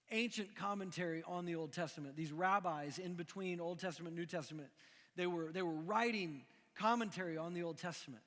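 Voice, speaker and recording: High-voiced animated man preaching in a hall. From Missouri. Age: middle-aged. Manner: animated, conversational, frequent restarts. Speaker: pastor. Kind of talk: sermon. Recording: long echoing hall reverb.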